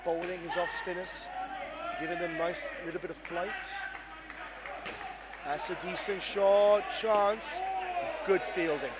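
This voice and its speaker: A man giving live cricket commentary, excitable, breaking into shouts when something big happens. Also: high voice, slow pace, pauses often. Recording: noisy crowd at an indoor venue. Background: crowd and venue noise.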